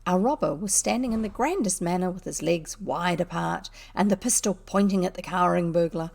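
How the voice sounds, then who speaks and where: A woman reading a classic children's novel aloud in a lively, unhurried way, with a few slips. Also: fairly low pitch, vocal fry. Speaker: audiobook reader. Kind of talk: storybook narration.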